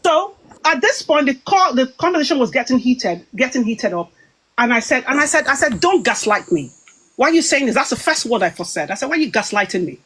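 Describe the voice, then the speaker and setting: A British woman talking casually, retelling a heated group-call dispute in an animated, aggrieved way with many quoted exchanges. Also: sits high, fairly quick, breathy edge. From Britain. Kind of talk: casual storytelling to viewers.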